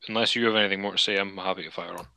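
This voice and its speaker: A man sounding off in a casual podcast chat, opinionated and quick to swear. His low voice has a very bright, sharp edge, and the recording is close and dry with no room sound. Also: steady tone, vocal fry, clear, resonant tone, no echo, poor audio.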